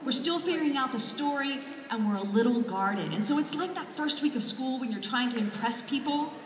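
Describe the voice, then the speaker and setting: A woman's voice: high-pitched, expressive, brisk, a bit bright, slight background noise. A woman author giving a comic keynote speech, wry and self-deprecating with punchy jokes. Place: large hall. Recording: echoey hall from far off, crowd. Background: audience laughter.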